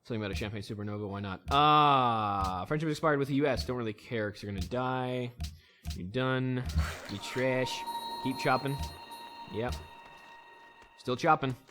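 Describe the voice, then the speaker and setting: A man in the middle of a casual let's play session, narrating his moves in a loose, rambling way. He chatters at the game and cracks jokes, sometimes slipping into silly voices and snatches of song. His speaking voice sits at an ordinary pitch. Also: normal speed, pauses often, music in the background. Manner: jokey, rambling, talks to himself and the game; breaks into goofy voices and song snippets. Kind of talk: casual gameplay commentary.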